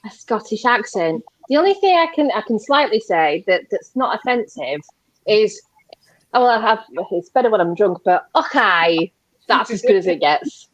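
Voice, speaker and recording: A woman, a guest on a casual video call, chatty and self-mocking, slightly tipsy and quick to laugh. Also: mid-range voice, big pitch swings, no room sound, poor audio. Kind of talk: casual live-stream chat.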